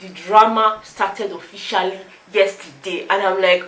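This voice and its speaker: Woman, Nigerian accent, young, animated gossip vlogger, bright voice, echoey room. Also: medium pitch, measured pace. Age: young adult. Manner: animated, slips into pidgin, acts out quotes. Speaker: entertainment vlogger. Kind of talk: excitable gossip recap. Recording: roomy echo.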